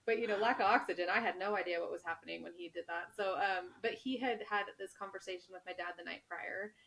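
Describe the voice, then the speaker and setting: A woman's voice: lowish voice, quick pace, creaky, a bit bright, poor audio. Chatty woman telling trail stories. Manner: chatty storytelling, laughs often. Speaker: author and guest. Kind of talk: casual podcast interview.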